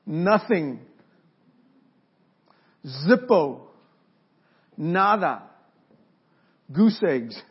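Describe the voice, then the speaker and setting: A man preaching a sermon as pastor, pausing for effect and building to forceful emphasis. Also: high-pitched. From Mexico. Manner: preaching with dramatic pauses and rising emphasis. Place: church sanctuary. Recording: dull lo-fi sermon recording.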